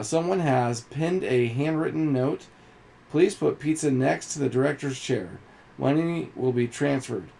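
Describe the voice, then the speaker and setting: A man reads a puzzle game's story aloud to his viewers at a measured pace, now and then tripping over a word and correcting himself. His voice has a gravelly edge at a middle pitch. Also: mellow. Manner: slow, deliberate reading with small slips. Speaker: game streamer. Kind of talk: reading game story aloud.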